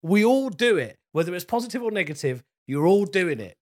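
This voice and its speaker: A man co-hosting a casual comedy podcast, blunt and teasing, quick to laugh. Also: high voice, big pitch swings.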